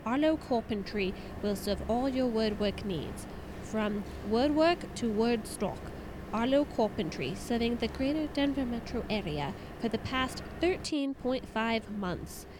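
A woman's voice: on the high side, lively intonation, a little slow, background noise. A woman reading a joke local ad in an upbeat sales voice. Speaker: ad reader. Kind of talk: mock radio ad.

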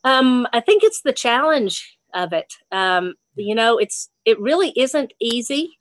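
A woman's voice: a little high, sing-song, a little slow, no echo. A woman from Nashville, a fly fishing instructor, telling a fishing story in casual chat, laughing often and acting out the voices she quotes. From Nashville, Tennessee.

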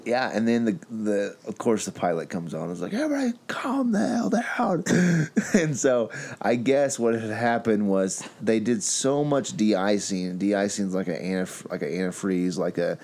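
Low-voiced man telling a lively story. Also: moderate pace, hardly any pauses. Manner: animated storyteller, acts out other people's lines. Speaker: podcast host. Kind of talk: casual storytelling chat.

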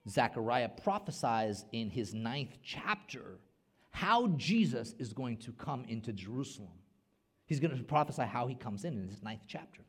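A middle-aged man, a pastor, preaching a sermon with big swings between loud and soft and repeating words as he builds a point. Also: mid-range voice, expressive, normal speed, slightly rough.

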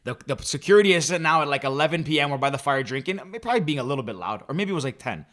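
Young male podcast co-host, quick and bright, animated casual storyteller. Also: a little high. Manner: animated, laughs while telling stories.

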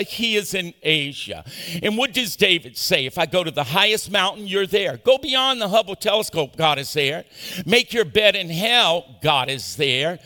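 A male pastor preaching an animated sermon, calling on the congregation to answer back. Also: high-pitched. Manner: animated preaching with call-and-response. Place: large church auditorium. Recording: echoey church hall.

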